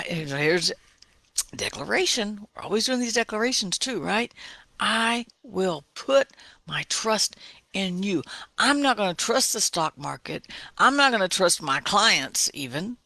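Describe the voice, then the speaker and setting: Woman teaching scripture with a gravelly edge. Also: mid-range voice, animated, bright, forceful tone, no echo. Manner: conversational, often asks "right?", slows and drops to near-whisper for emphasis. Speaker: Bible teacher. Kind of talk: casual devotional teaching.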